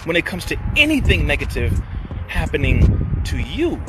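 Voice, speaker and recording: A man's voice: fairly high pitch, wildly swooping pitch, moderate pace, music in the background. A man hosting a show, delivering heated, accusatory commentary full of rhetorical questions. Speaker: host. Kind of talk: impassioned commentary.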